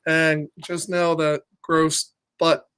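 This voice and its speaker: A man's voice: fairly high pitch, little pitch movement, takes it slowly, a bit bright, clean tone. A man hosting a children's story time, chatting to young viewers in an upbeat, giggly way and calling himself by name. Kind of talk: casual livestream chat to children.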